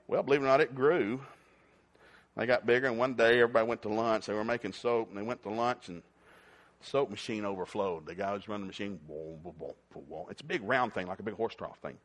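A man's voice: fairly low pitch, quick pace. A male preacher, telling stories in a sermon and acting out quotes and sound effects. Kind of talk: storytelling sermon.

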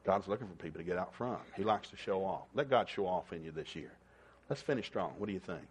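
A man preaching a sermon in a folksy storytelling manner, acting out the people in his stories. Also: quick pace. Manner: folksy, animated, acts out characters in a shouting high voice.

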